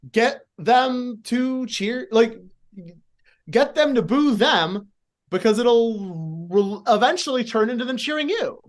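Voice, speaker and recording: A man's voice: very high voice, lively intonation, slow. A man who wrestles, asking for advice in a rambling way, full of "like" and false starts. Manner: rambling, many fillers and restarts, eager and apologetic. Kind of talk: casual interview questions.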